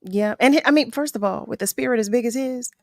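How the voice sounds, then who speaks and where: A woman hosting a radio talk show, chatting and telling stories with animated, playful quotes. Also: a little high, fast talker, no echo, clean studio sound. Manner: animated, warm storytelling with laughs and acted-out quotes. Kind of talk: casual radio interview.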